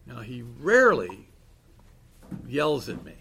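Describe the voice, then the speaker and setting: Gravelly man sharing his recovery story. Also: mid-range voice, sing-song, measured pace, long pauses, bright, forceful tone. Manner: candid, wry storytelling. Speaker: recovery meeting speaker. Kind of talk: personal recovery share.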